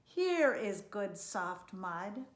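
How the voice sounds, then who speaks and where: A woman voicing a small male pig who loves mud, bright and eager. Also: medium pitch, big pitch swings, drawn-out words, roomy sound. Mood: delighted.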